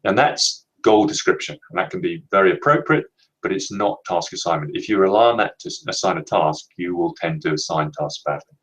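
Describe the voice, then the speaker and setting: In a low voice, a man leads a leadership training webinar, giving measured, emphatic explanations and slowing down to stress important words. The audio is poor.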